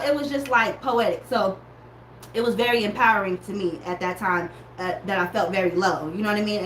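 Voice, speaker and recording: A woman in casual chat, telling an animated story and calling her listeners y'all. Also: mid-range voice. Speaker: podcaster reviewing a music battle. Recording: echoey room with faint background noise.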